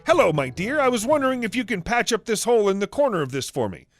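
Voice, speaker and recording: A man's voice: high voice, sing-song, fast talker, dry recording, studio quality, faint music behind, voice pushed up. A man putting on a sweetly pushy older woman.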